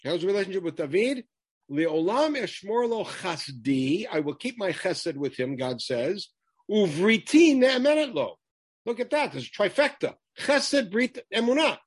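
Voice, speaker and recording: A man's voice: sits high, big pitch swings, unhurried, breathy edge, no echo. A man teaching a Torah lesson, quoting Hebrew verses and translating them emphatically. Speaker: Bible teacher.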